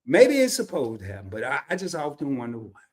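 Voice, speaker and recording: A man from Arkansas with a Southern accent, talking casually to a livestream audience. His voice sits at an ordinary pitch, and he drawls loosely through his stories with easy laughter. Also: wildly swooping pitch, fast. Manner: laid-back, drawling, laughs often. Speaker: livestream host. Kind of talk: casual storytelling monologue.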